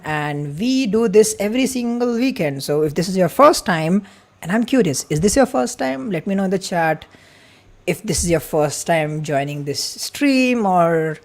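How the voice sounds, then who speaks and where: A man hosting a live-streamed event welcome. He talks quickly and excitedly, greets viewers from the chat, and chats freely. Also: a little high. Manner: excited, fast-talking, chatty. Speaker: livestream host.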